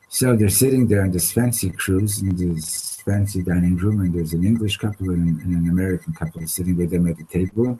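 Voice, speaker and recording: A man leading an informal Torah class, halting and restarting often, slipping Hebrew terms into his English. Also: low voice, dark tone, slight background noise, poor audio. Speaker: Torah teacher. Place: study hall classroom.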